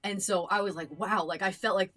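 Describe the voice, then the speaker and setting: A woman's voice: mid-range voice, fairly even intonation, brisk, fairly bright tone. A young adult woman co-hosting a reaction show, telling a personal story in an earnest, chatty way with lots of fillers and restarts. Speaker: reaction channel co-host. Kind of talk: casual chat.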